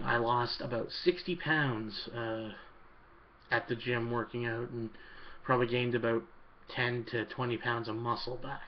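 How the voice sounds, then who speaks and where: A man talks at a middle pitch in a casual question-and-answer vlog, rambling and relaxed, filling pauses with ums and uhs. The recording sounds dull and lo-fi, with a faint hiss underneath. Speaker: YouTuber answering viewer questions.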